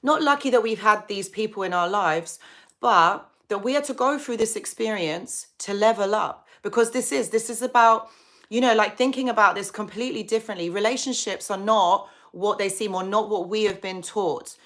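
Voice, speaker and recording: A woman hosting a casual live stream, chatting warmly and greeting viewers by name. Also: mid-range voice, moderate pace. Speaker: psychology channel host.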